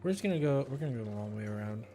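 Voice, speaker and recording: Mellow-voiced man chatting while gaming. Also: medium pitch, lively intonation, very fast, faint music behind. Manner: playful, thinks aloud while playing. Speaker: streamer. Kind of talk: casual gameplay chat.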